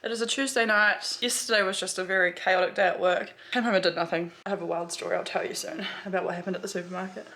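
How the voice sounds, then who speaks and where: A woman's voice: medium pitch, steady tone, quick pace, hardly any pauses, a bit bright. A woman chatting casually to camera, full of fillers and swearing as she tells a story. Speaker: vlogger.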